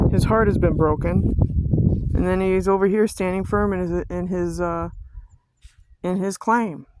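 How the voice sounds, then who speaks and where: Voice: medium pitch, a little mellow. A vlogger delivering a profane, rambling conspiracy rant to camera, firing off repeated rhetorical questions and stumbling over restarts. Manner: ranting, repetitive rhetorical questions, heavy swearing.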